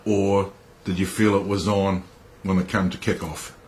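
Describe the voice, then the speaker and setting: A man interviewing a guest with quiet, brief prompts and questions. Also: low voice, flat delivery, normal speed.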